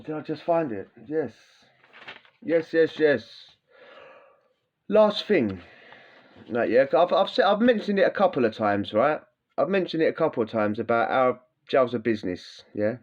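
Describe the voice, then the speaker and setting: A man's voice: mid-range voice, normal speed. Ranting, swearing man. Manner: animated, swearing, blunt and mocking. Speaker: podcast host, former prisoner. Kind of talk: casual ranting monologue. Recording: dull lo-fi sound.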